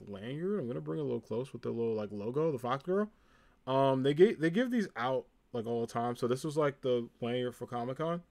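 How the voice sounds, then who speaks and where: A man's voice: medium pitch, a little mellow. A young man with a New Jersey accent chatting casually on a live stream, upbeat and full of ums and likes. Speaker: live streamer showing a convention haul.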